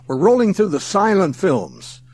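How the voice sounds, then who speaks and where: A man's voice: high voice, sing-song, a little slow, a little mellow. Folksy enthusiastic man hosting a podcast. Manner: folksy, enthusiastic, chuckles often. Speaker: podcast host. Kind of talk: casual podcast monologue.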